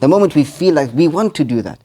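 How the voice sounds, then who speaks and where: A man's voice: fairly high pitch, lively intonation, fast, mellow. A man, an imam, giving a sermon in the manner of an earnest storyteller, quoting Arabic verses and translating each one.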